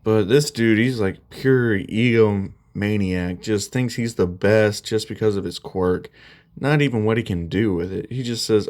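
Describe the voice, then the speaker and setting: A man telling a fan story off the cuff, rambling and leaning on fillers. His voice sits on the low side for a man. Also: measured pace, a little mellow. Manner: rambling, lots of "you know". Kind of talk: casual spoken fan story.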